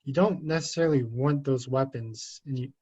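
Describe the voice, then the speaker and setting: A man's voice: medium pitch, moderate pace, darkish tone. A man talking casually as a podcast guest, agreeable and loose, peppering his speech with "yeah" and "like".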